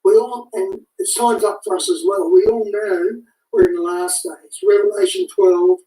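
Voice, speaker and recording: Woman going on casually in a lively up and down voice, repeats herself a lot, far from the mic, echoey. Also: mid-range voice, normal speed, gravelly. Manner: animated, restarts and repeats words. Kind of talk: casual spoken commentary.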